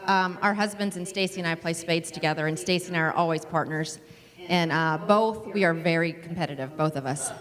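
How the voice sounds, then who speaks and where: A woman's voice: fairly low pitch, brisk, a bit bright. An American woman telling a funny confession about a card game, acting out her own outbursts. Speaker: panel guest at a women's church event. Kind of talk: casual storytelling on stage. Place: church event hall. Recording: long hall reverb from a church PA.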